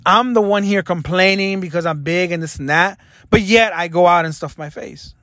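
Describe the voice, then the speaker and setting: A young man with a notably high voice speaks in a candid, reflective confessional vlog. He is earnest and hard on himself. The sound is dry and close, with no room around him. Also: normal speed, sharp tone, no echo. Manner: earnest, self-critical, reflective. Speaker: vlogger.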